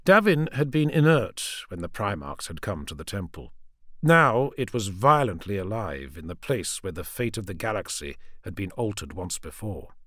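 A man giving dramatic scripted audiobook narration, measured, dropping low at the ends of sentences. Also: sing-song, a bit bright, no echo, clean studio sound.

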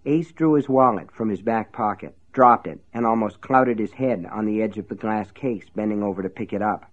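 A man narrates a story in a steady, even storytelling voice. The audio is narrow and tinny, like a phone line. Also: fairly low pitch, normal speed. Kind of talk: scripted narration.

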